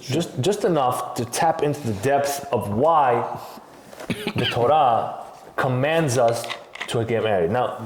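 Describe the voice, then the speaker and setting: A man co-hosting a podcast lectures in a measured, explanatory way, posing rhetorical questions and answering them himself. His voice sits at an ordinary middle pitch. The room sounds echoey, with a little noise underneath. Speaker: podcast co-host. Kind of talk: casual podcast discussion.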